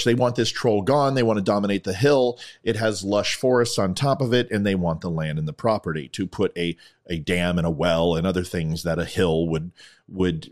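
A man hosting his own podcast, rambling through a comic story and plugs with self-mocking jokes. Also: on the low side. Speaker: podcast host. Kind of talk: casual comedic monologue.

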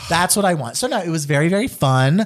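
A young adult man co-hosting a podcast, chatting casually with wry, deadpan humor. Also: fairly high pitch, fast. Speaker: podcast co-host. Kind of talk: casual chat.

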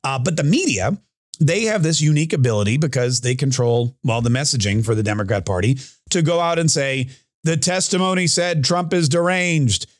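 A man's voice: mid-range voice, expressive, fairly quick, dry recording, studio quality. A man hosting his own podcast, talking casually and rambling a little as he opens with news and opinion. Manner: chatty, rambling, with frequent restarts and asides. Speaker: podcast and radio host. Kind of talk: casual political monologue.

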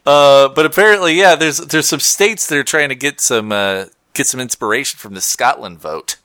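A man co-hosts a casual talk show, rambling, correcting himself as he goes, and laughing often. His mid-range voice is bright and forceful at a normal speed, in a dry, studio-quality recording.

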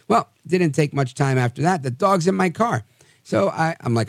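Gravelly man riffing on odd news. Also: mid-range voice, brisk, no room sound, studio quality. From New Jersey area. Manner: wry, animated storytelling with asides. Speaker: podcast host. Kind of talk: casual news commentary.

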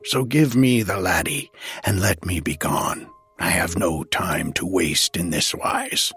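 A man's voice: fairly low pitch, expressive, slow, a bit bright, slightly rough, faint music behind, heavily acted. A man voicing a cold, harsh old female fairy who speaks with contempt in a storybook reading. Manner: contemptuous, merciless.

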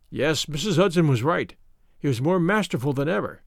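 Man reading a story with lively, expressive pitch. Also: gravelly, no room sound, studio quality. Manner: measured, expressive first-person reading. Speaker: narrator. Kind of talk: scripted audiobook narration.

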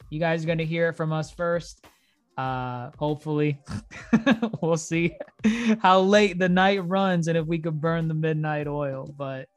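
Laughing, animated podcast host man. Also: high voice. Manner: laughing, loose and animated sign-off. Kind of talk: casual podcast chat.

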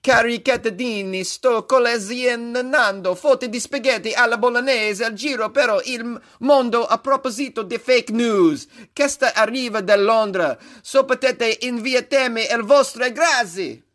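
A man's voice: very high-pitched, normal speed, hardly any pauses, a bit bright, pitched above the performer's own voice. A man voicing a proud, indignant male Italian city mayor in a theatrical put-on Italian accent, as a comedic impression. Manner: exaggerated, theatrical, emphatic.

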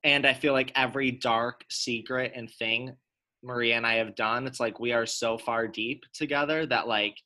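A young man with a bright, forceful voice talks openly with close friends. His talk is loose and relaxed, full of "like" and "you know". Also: medium pitch, moderate pace. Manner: relaxed, chatty, peppered with "like". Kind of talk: casual chat among friends.

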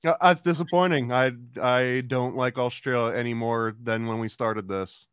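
A man's voice: mid-range voice, fairly even intonation, moderate pace, a bit bright, clean tone, no room sound, clean studio sound. A man from the United States hosting a casual podcast, rambling along with lots of filler words. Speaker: podcast host.

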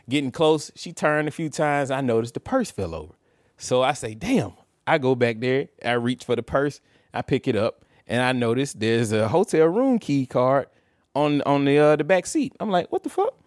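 A man's voice: mid-range voice, moderate pace, no echo, clean studio sound. A man, co-hosting a podcast and telling a casual story, laughing and acting out what people said. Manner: animated, laughing, acts out quotes. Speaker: podcast co-host.

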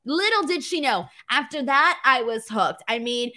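Young adult woman, casual vlogger telling lively stories, playful and quick to laugh, voice slightly high. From US West Coast. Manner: animated, laughing, playful impressions. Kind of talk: casual Q&A storytelling.

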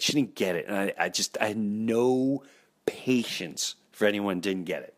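A man and comedian hosting a podcast, telling exasperated, animated comic stories and acting out voices. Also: on the low side, moderate pace. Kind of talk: comic storytelling.

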